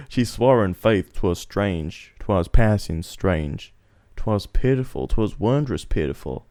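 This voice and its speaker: A grave soldier recounts his past in a lowish, dry voice, as a man reads him out. The telling is measured but halting, and some difficult words trip him up. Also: lively intonation, darkish tone, dry recording. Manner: stumbling over words, halting. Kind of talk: comic script reading.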